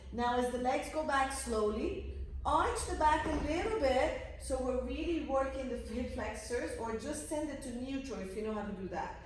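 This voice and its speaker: A high-pitched woman runs a pilates session, counting reps and coaching enthusiastically while getting breathless at times. Captured from a distance in an echoey room, with slight background noise.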